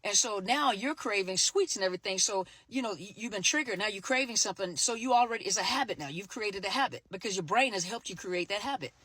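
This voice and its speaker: A woman's voice: mid-range voice, lively intonation, quick pace, hardly any pauses, fairly bright tone, breathy edge, no room sound. A middle-aged woman therapist talking casually to the camera, with frequent "you know" fillers and repeated words, now and then acting out short quoted exchanges. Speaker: therapist and coach. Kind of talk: casual direct-to-camera talk.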